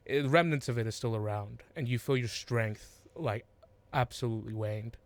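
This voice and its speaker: Man narrating as game master. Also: mid-range voice. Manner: halting, restarts, many fillers.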